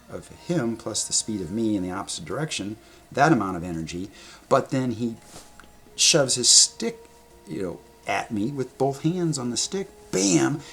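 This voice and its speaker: A man telling stories to his camera at a table indoors, animated and rambling, with blunt sound words and casual swearing. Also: mid-range voice, gravelly. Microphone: camera in front of him.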